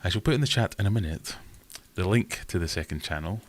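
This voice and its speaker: A man's voice: low voice, lively intonation, quick pace, no room sound. A man hosting a casual live stream, chatting in a rambling, self-deprecating way.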